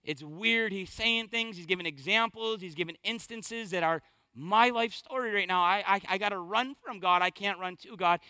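A man preaching a sermon as pastor, impassioned, swinging from hushed to loud. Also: sits high, normal speed, smooth, dry recording.

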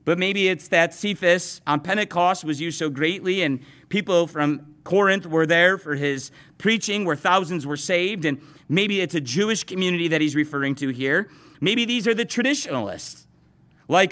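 A man's voice: on the high side, moderate pace, a bit bright. A male pastor preaching a sermon to his congregation, talking earnestly and often restarting or repeating words as he speaks. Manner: addresses the congregation directly.

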